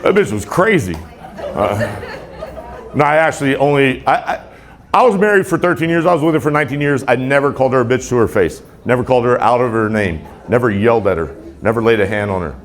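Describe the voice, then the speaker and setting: A man's voice: mid-range voice, expressive, fairly quick. Rambling male comic, crowd laughing. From Tacoma, Washington, USA. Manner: rambling, self-deprecating, laughs at his own jokes. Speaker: stand-up comedian. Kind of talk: stand-up comedy set. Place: comedy club stage with laughing crowd. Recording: live club set with crowd laughter.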